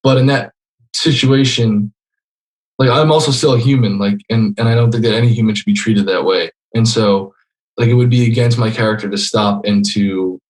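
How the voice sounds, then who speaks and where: A man in his twenties, a guest on a video call, telling a story in an animated way, full of "like" fillers. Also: lowish voice, normal speed. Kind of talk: casual video-call conversation.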